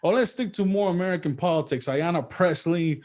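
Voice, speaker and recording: Man debating politics, fairly high voice. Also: brisk, darkish tone. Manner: argumentative, builds points with rhetorical questions; repeats words when starting sentences. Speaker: podcast co-host. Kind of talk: political talk show discussion.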